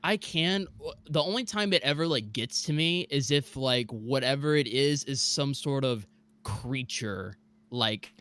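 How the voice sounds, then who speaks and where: A young man from Mississippi telling a scary true story on a podcast, animated and full of fillers. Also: medium pitch, a little slow, clean tone. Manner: animated, many fillers like "like" and "bro". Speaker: guest storyteller.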